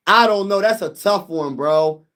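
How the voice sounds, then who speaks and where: Casting note: young male livestream host, a little high-voiced, excitable and chatty, chats with his viewers. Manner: excitable, talks to viewers as "y'all", sings snippets. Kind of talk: casual live chat reading comments.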